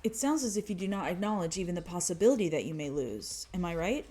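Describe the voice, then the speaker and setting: A woman voicing a calm, formal young woman who speaks smoothly and politely. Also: fairly low pitch, quick pace.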